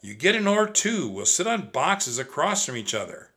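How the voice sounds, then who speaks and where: A man voicing an eager, bold young girl who talks in a high, breathless, pleading way. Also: very animated, moderate pace, bright, forceful tone, full character voice.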